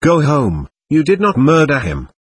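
A man voicing a sly, cold male servant in a low, insinuating, quietly menacing tone. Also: huge pitch swings, a little slow, slightly rough, no echo, heavily acted.

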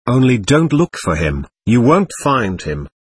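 A man voicing a sly, cold male servant in a low, insinuating, quietly menacing tone. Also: big pitch swings, a little slow, slightly rough. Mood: ominous.

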